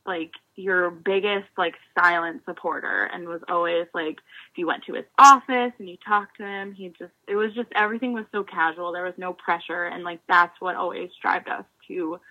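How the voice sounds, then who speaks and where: A woman in her twenties, a former college swimmer, telling animated stories in a casual interview and acting out remembered dialogue. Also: lowish voice, moderate pace, narrow, tinny audio.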